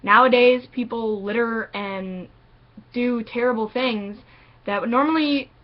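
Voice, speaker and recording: High-voiced, sarcastic woman ranting. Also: a little slow, dull audio. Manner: sarcastic, profane, animated ranting. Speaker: vlogger. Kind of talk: ranting vlog monologue.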